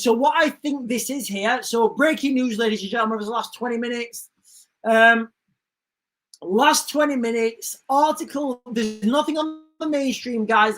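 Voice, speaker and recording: A man hosting a live stream, rambling and animated as he talks to his viewers. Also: very high-pitched. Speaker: livestream host.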